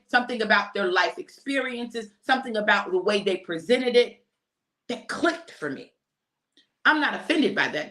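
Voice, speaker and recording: A middle-aged woman preaching an informal sermon in a lively, conversational way, addressing her listeners as y'all. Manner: preachy, conversational, uses y'all and folksy phrasing; lively, emphatic, rising to high pitch for emphasis. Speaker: pastor and prophetic speaker. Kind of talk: informal sermon, live stream.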